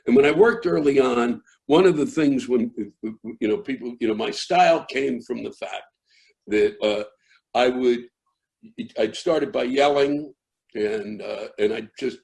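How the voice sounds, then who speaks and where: An older American man, a comedian, tells a rambling story that keeps restarting and builds into yelling. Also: mid-range voice, lively intonation, measured pace, vocal fry, low-quality recording. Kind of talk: storytelling interview.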